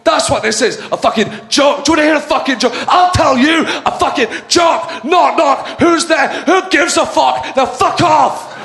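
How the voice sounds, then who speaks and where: A man on a comedy stage voicing a furious, foul-mouthed man who shouts abuse without a break. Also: very high voice, moderate pace, hardly any pauses, music in the background, voice pushed up. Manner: shouting, swearing nonstop. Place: comedy club stage with live audience. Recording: roomy hall with crowd.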